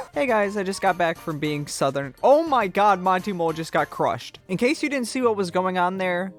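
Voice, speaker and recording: A high-pitched young gaming video host jokes his way through comedic gameplay commentary, exaggerating and briefly putting on a southern drawl. Faint game music plays as a bed behind his voice.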